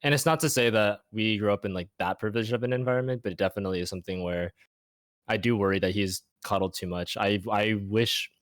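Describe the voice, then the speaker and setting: Reflective young man with a lowish voice. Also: fairly bright tone, dry recording, clean studio sound. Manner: reflective, halting, heavy use of "like". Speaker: interview guest. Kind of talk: casual chat.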